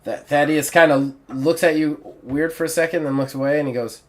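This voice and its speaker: A man's voice: a little high, fairly even intonation, fairly quick, hardly any pauses. A man narrating a tabletop game as game master in a casual, rambling way. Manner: casual, rambling with fillers and restarts.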